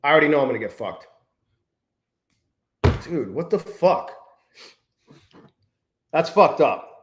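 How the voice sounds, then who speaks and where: A man's voice: fairly high pitch, very animated, slow pace, echoey room, noisy background. A man talking through trades on a live stream, swearing often, muttering in frustration and greeting viewers by name. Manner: profane, exasperated muttering, greets chat by name. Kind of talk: live-stream trading commentary.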